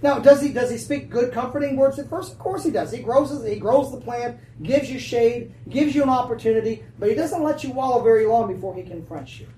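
A woman's voice: fairly high pitch, a little fast, few pauses. Woman preaching in an echoey hall. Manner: animated, laughing, calls for audience response. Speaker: pastor. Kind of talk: sermon. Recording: roomy, distant, faint noise.

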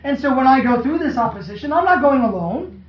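A man's voice: very high voice, lively intonation, a little fast. A man preaching a sermon to a congregation, often asking them questions that draw replies. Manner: call-and-response, asks the congregation questions. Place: church hall. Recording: echoey, dull, from far off.

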